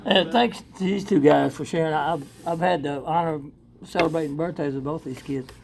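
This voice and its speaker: Older man, gravelly and a bit high, profane and candid, recovery share. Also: fairly quick, a crowd in the background. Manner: blunt, profane and candid, rambling with fillers; laughs often, voice swings from loud to quiet. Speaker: speaker sharing at a recovery convention workshop. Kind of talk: personal recovery testimony to a live audience.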